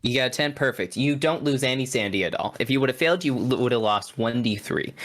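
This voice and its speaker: Easygoing male game master narrating. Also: medium pitch. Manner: relaxed, halting narration with many fillers. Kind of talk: narrating a tabletop horror game.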